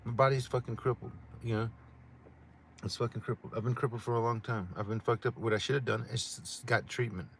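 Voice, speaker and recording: Middle-aged guy on a livestream, cussing a lot, keeps tripping over his words, mid pitch voice, bit of background noise. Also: fairly even intonation, fairly quick, vocal fry. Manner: profane, rambling, many restarts. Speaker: livestream co-host. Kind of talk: casual chat.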